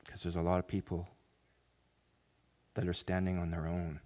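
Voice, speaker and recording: Deep-voiced male pastor preaching. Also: monotone, normal speed. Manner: earnest preaching with sudden loud emphatic rises. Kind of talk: sermon.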